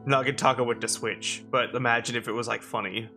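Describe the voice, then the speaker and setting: A man's voice: medium pitch, steady tone, a little fast, vocal fry, over music. A young man from Canada giving casual gameplay commentary as a streamer, laughing often and swearing freely.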